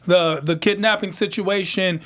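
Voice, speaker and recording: A man's voice: high voice, fairly even intonation, normal speed, a bit bright. Playful man in mock London slang. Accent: put-on London street slang. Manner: playful, heavy street slang, sing-song bits. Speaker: co-host. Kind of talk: casual chat in a put-on London slang voice.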